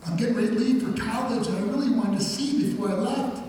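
A man's voice: high-pitched, fast talker, warm tone, pitched above the performer's own voice, natural voice. A man quoting his loving little sister. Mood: longing. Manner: pleading and tender. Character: loving young adult little sister, affectionate and eager. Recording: echoey hall from far off, faint music.

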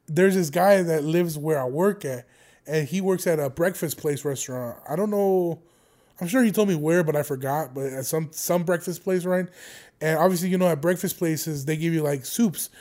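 A man's voice: a little high, moderate pace, a little mellow. A young man telling a casual, rambling story to his viewers, swearing freely and breaking into laughter. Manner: rambling, profane, laughs often between jokes. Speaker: vlogger.

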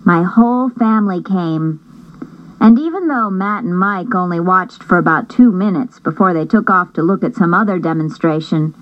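A woman reading a first-person novel aloud as an audiobook narrator, in a measured storytelling manner. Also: medium pitch, no echo, highs cut off.

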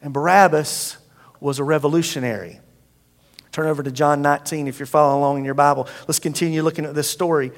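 A man's voice: a little high, fairly even intonation, fast talker, in a large hall. A man preaching a sermon, reading scripture expressively and then explaining it in a loose, conversational way. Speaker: pastor.

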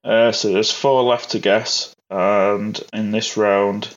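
A man hosting a casual podcast quiz, reading out questions in a brisk, matter-of-fact way. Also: fairly low pitch, level tone, muffled recording. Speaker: quiz master.

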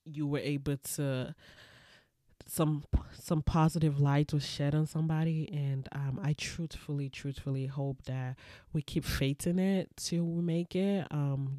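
A woman's voice: sits low, mellow, no room sound. Earnest woman podcast host, dry sound. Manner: earnest, upbeat, playful, many fillers and restarts. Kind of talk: faith-based encouraging podcast monologue.

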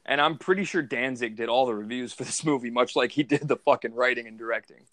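A man's voice: mid-range voice, fast, fairly bright tone, no echo. A man co-hosting a podcast, ranting with exasperation and plenty of swearing while reviewing a movie. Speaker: podcast co-host. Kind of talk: casual movie review chat.

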